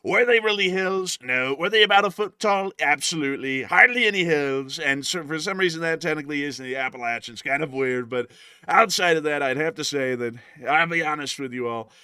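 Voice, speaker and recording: A man's voice: a little high, brisk, sharp tone, smooth, no echo. A young man from Alabama co-hosting a casual live question-and-answer chat, joking and laughing often, close to the mic. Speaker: co-host.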